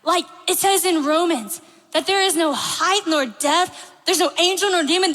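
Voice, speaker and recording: A young woman gives a chatty, animated faith talk and leans on "like" all the way through. Her voice is high and bright. It rings with a long hall reverb. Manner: chatty, animated, says "like" often. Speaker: youth speaker.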